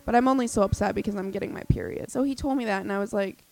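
A young woman in her twenties, a comedian hosting a podcast, telling a story in a rapid, scattered, excitable ramble. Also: medium pitch, gravelly. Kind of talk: casual storytelling monologue.

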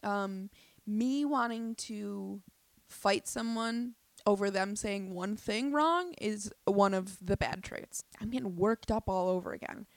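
Animated, swearing young woman telling a story. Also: mid-range voice, slow, no echo. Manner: animated, profane, lots of fillers and restarts. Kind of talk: casual storytelling.

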